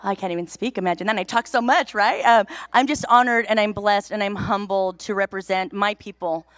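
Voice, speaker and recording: A woman's voice: mid-range voice, no room sound. Tearful woman accepting an award, dry sound. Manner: halting, emotional. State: close to tears. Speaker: award recipient. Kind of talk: acceptance speech.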